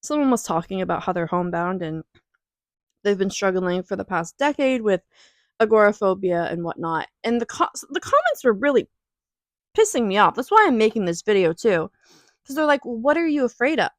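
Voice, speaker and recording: A woman's voice: medium pitch, big pitch swings, normal speed, dry recording. Woman, young adult, confessional vlog, emotional, rambling, near tears, dry close sound. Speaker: vlogger.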